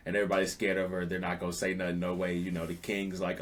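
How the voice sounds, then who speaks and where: A man co-hosting an anime podcast, chatting casually and acting out scenes with sudden jumps in pitch and shouts. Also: monotone, quick pace, a little hiss or hum. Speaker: podcast co-host. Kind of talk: animated casual chat.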